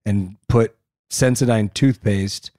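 A man's voice: fairly low pitch, steady tone, slow pace, dark tone, dry recording, studio quality. A man in his thirties co-hosting a podcast, teasing and arguing in casual couple banter. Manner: teasing, laughing, argumentative. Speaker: podcast co-host.

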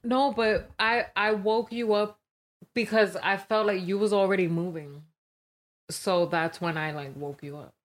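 A woman co-hosting a casual chat, relaxed and hesitant, often trailing off. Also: mid-range voice, unhurried. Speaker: podcast co-host.

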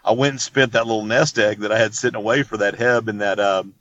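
A man's voice: fairly low pitch, fairly even intonation, fast, a bit bright, lo-fi sound. A man telling a long story in casual chat, rambling and laid-back, full of "dude" and "you know what I mean.". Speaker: podcast guest.

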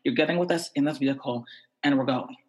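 A man's voice: mid-range voice, quick pace, lightly acted. A man quoting a firm, commanding police officer in a told story, in near his own voice. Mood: stern.

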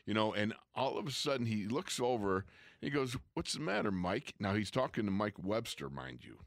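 Brief: ex-player co-host, lower-pitched man, animated raconteur, dry close mic. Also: brisk, no echo. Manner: animated storyteller, acts out quoted coaches and players. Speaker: former pro football player, co-host. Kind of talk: casual storytelling chat.

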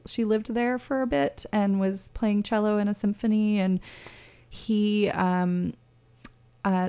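A woman's voice: medium pitch, dark tone. A woman hosting a radio show, talking in a casual, rambling way with many restarts.

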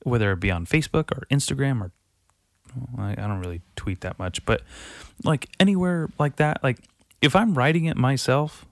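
A man's voice: mid-range voice, expressive, moderate pace, no echo, clean studio sound. A man hosting his own podcast alone, rambling and swearing a lot, sighing and trailing off into mutters before restarting. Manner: rambling, profane, self-deprecating, trailing off and restarting; sighs often, drops to a mutter. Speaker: podcast host. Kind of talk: casual solo monologue.

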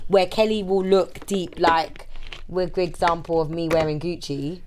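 A woman's voice: fairly low pitch, steady tone, moderate pace, a little mellow, slight background noise. A woman co-hosting a casual chat, talking in a candid, playfully defiant way. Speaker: podcast co-host.

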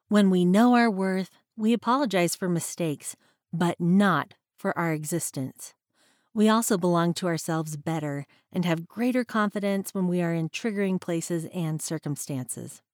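A woman hosting a reflective faith-based podcast, speaking in a measured, earnest way and slowing down to read scripture. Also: on the low side, no room sound, clean studio sound. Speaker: podcast host.

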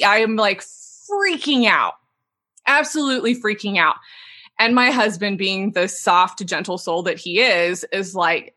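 Bright-voiced woman telling her story. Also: on the high side, a little slow. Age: 30s. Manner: animated, laughs while telling her story. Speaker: podcast guest. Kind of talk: casual interview storytelling.

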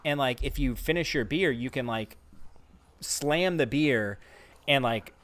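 A man's voice: mid-range voice, unhurried, a bit bright. Young man telling a story with hesitations. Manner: hesitant, filler-heavy storytelling. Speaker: podcast co-host. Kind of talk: casual chat, storytelling.

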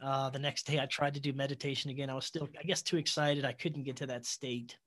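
A man guest telling a long personal story in a casual interview, earnest and animated, acting out quoted dialogue and laughing now and then. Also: medium pitch, fast talker.

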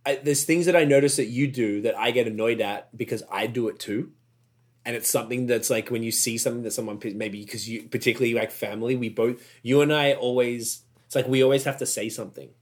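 A man's voice: mid-range voice, fairly even intonation, quick pace. A young man hosting a casual chat, rambling, swearing freely and laughing often. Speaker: podcast host.

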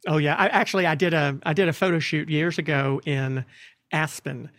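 A man's voice: a little high, fairly even intonation, moderate pace, a bit bright, dry recording, studio quality. A man in his forties with a North Carolina Southern accent, hosting a casual chat in a chatty, self-deprecating way and laughing often. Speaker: host. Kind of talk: casual conversation.

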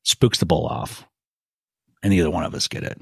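A middle-aged man, a guest, telling a hunting story in a folksy, animated way and acting out quotes. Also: low voice, normal speed, creaky, husky, dry recording, clean studio sound. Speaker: guest elk hunter.

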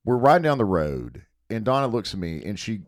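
Wry man with wildly swinging pitch. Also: sing-song, brisk, no room sound, studio quality. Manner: wry, teasing, dramatic swings in delivery. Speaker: podcast co-host. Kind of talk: casual chat. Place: studio.

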